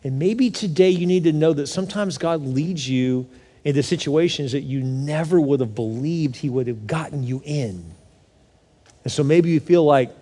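A man preaching a sermon in a conversational way, rising to loud pleading and dropping to soft reassurance. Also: fairly high pitch, moderate pace. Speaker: pastor. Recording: long reverb of a large hall.

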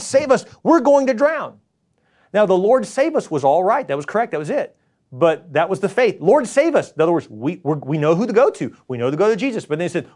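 Pastor, middle-aged man, slightly high voice, earnest sermon delivery with acted-out worried asides. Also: darkish tone. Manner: earnest, acts out worried voices in a higher pitch.

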